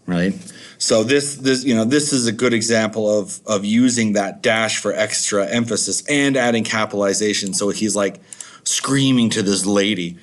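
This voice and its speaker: A man's voice: on the low side, normal speed. A man teaching a recorded video lesson, chatty and rambling with many fillers.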